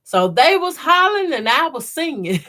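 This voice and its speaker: A woman's voice: high voice, very animated, normal speed, background noise. A middle-aged woman hosting a sewing livestream, chatting casually and laughing often, her voice congested from her sinuses. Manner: chatty, laughs often, reads viewer comments aloud. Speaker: quilting sew-along host. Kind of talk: casual chat while sewing.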